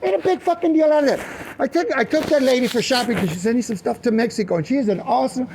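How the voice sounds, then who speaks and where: Agitated high-voiced man venting, cursing. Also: quick pace, darkish tone, a little hiss or hum. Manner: agitated, rambling, profane. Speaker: family member speaking to police. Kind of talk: heated account of a family dispute.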